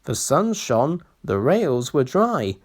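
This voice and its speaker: With lively pitch and plenty of expression, a reader works slowly through a children's railway storybook.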